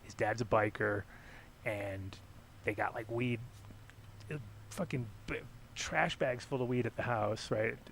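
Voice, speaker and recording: Middle-aged man, podcast host, animated anecdotes, loose swearing, mid pitch. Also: measured pace, vocal fry, long pauses, slight background noise. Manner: animated, swears freely, lots of fillers. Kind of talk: casual storytelling.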